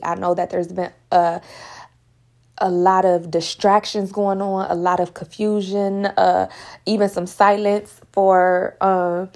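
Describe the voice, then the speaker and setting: A woman's voice: medium pitch, a little mellow. Earnest emotional woman preaching encouragement. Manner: earnest, repetitive, emotional, sometimes near tears. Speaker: online Christian speaker.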